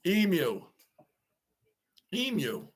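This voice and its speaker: A high-pitched man talks casually through a live baseball stream. He chats with his viewers and reads their comments out loud. He sounds like a frustrated fan watching his team. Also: big pitch swings, extremely slow, husky. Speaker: live stream reaction host.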